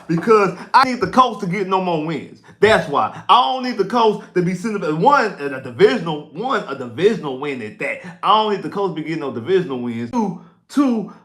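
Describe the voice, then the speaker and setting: Man, sports livestream host, excitable, repetitive, stumbling, postgame chat. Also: fairly high pitch. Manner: excitable, repeats himself, stumbles over words. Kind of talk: casual postgame sports talk.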